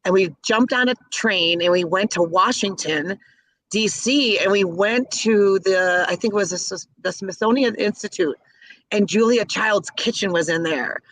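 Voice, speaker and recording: A woman's voice: medium pitch, normal speed, poor audio. Enthusiastic middle-aged woman caterer. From Chicago area. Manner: warm, gushing, enthusiastic. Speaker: guest, caterer. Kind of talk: interview storytelling.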